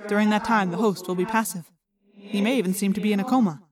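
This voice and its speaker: A woman voicing a formal, measured male alien warrior in an audiobook. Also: mid-range voice, fairly even intonation, distant mic, a crowd in the background, lightly acted. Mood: accusing.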